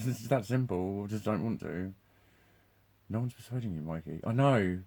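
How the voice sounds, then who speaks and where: A man's voice: fairly low pitch, normal speed, pauses often, mellow. A man rambling in a live monologue, swearing constantly, laughing often and restarting his sentences. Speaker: vlogger.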